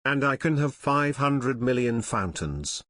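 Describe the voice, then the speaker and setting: A man reading the lines of a gentle small boy prince from another star, in a calm, plainly worded way. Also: medium pitch, a little slow, no room sound, clean studio sound. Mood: quiet.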